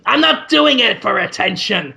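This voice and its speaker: A man voicing a melodramatic, ashamed office worker, wailing in a shrill, drawn-out voice. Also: lively intonation, vocal fry, bright, forceful tone, exaggerated voice. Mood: pleading.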